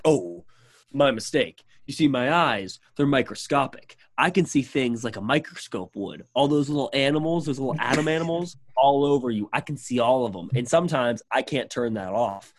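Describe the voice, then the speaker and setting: A man's voice: mid-range voice, animated, moderate pace, close to an everyday voice. A man voicing an eccentric male maintenance worker who insists he has microscopic eyes, in an earnest, matter-of-fact manner. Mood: insistent.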